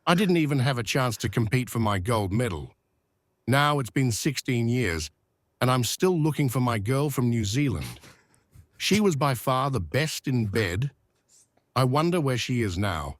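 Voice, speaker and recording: A man telling an absurd comic story in a flat, deadpan way on a podcast. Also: mid-range voice, normal speed, no echo, studio quality. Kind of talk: comedic monologue.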